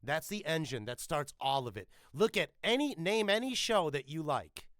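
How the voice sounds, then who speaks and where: A man's voice: on the high side, big pitch swings, normal speed, a bit bright, no room sound, studio quality. A man, a voice actor, talking casually and emphatically in an interview, swearing freely. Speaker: voice actor guest.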